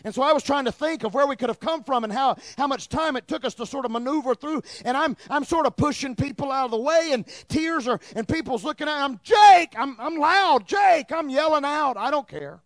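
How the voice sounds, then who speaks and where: A man in his thirties preaching a sermon in church, telling a story in an animated way and repeating words as he gets excited. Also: extremely high pitch, a little fast, hardly any pauses, dry recording, studio quality. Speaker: pastor.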